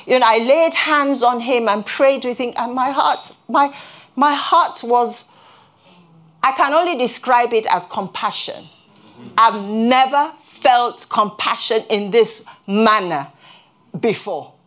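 A woman's voice: a little high, fairly bright tone. Earnest woman preaching a sermon. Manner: earnest, halting restarts, rises when stirred. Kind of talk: sermon with personal testimony.

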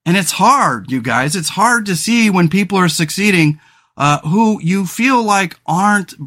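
A man's voice: sits high, expressive, measured pace, bright, forceful tone. A man hosting a solo podcast in casual talk, rambling and frank, with many fillers and restarts. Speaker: podcast host.

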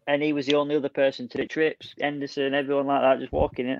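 A man's voice: medium pitch, gravelly, dry recording. A man telling stories eagerly in a casual football podcast chat, often restarting his sentences. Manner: excitable storyteller, quick restarts. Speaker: podcast co-host. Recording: dull dry sound.

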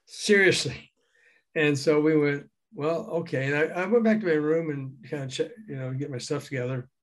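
An older man, a guest in an interview, telling animated anecdotes with chuckles and acting out quoted dialogue. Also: fairly high pitch, moderate pace. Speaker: guest, former record promotion man. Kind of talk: casual storytelling interview.

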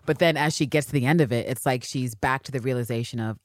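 A woman co-hosting a podcast in a casual recap chat, animated and swearing freely as she acts out characters' lines. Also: rumbling low, quick pace, no echo, studio quality. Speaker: podcast co-host.

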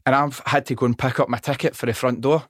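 A middle-aged Scottish man chatting on a podcast, telling an animated, sweary story and acting out the dialogue. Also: mid-range voice, quick pace, no echo, clean studio sound. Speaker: podcast guest. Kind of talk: casual chat. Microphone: studio microphone.

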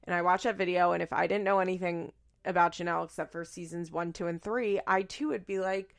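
A woman's voice: fairly low pitch, fairly even intonation, brisk, creaky. A woman in her thirties hosting a casual solo podcast, chatty and self-deprecating, rambling with lots of fillers. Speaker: podcast host.

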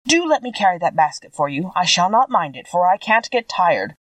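A woman voicing a gentle, naive male scarecrow made of straw, with a husky, polite and earnest way of speaking. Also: fairly low pitch, sing-song, brisk, dry recording, recorded from a distance, low-quality recording. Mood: friendly.

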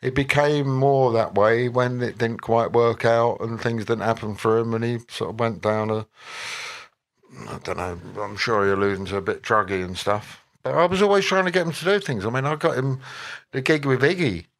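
An older man, a musician guest at a Q&A, giving relaxed and rambling answers with wry asides and frequent self-corrections. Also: mid-range voice, moderate pace.

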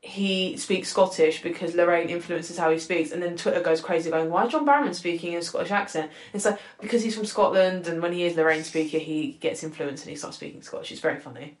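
A young woman co-hosting a podcast in a casual, animated chat, full of "like" and quick asides. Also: on the low side. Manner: animated, excitable, lots of "like". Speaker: podcast co-host. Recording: echoey room.

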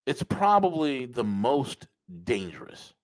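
A man's voice: mid-range voice, very animated, slow, poor audio. Emphatic male podcast commentator. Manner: emphatic, repeats phrases, addresses listeners as folks. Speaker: podcast host. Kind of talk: opinionated commentary.

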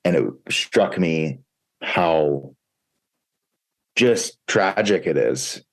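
Very deep, slow-talking man. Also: animated. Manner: slow, reflective storytelling. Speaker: podcast co-host. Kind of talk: casual book discussion.

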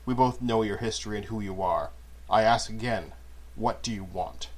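A man's voice: fairly low pitch, normal speed, close to an everyday voice. A man voicing a cold, commanding older male figure in a fantasy story, speaking sternly and clipped.

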